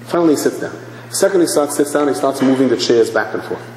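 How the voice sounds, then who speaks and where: A fiftysomething religious teacher talks fast in a mid-range voice during a sermon, animatedly narrating stories and performing the characters' lines. Slight background noise and faint ambience accompany the echoey hall sound.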